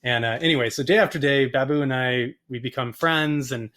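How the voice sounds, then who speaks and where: Male guest, animated rambling storyteller, average pitch, heard over a video call. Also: a little fast. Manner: animated, rambling, acts out quoted voices. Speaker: photographer and podcast guest. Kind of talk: casual storytelling interview.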